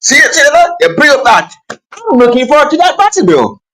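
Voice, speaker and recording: A man in a casual football chat, ranting in an animated, exasperated way with non-native grammar. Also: very high voice, normal speed, faint music behind, low-quality recording.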